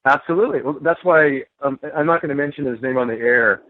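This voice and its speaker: A man's voice: medium pitch, fast, no room sound. Man on a phone line, emphatic, laughs between points, dry tinny sound. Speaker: guest author. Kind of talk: animated podcast conversation.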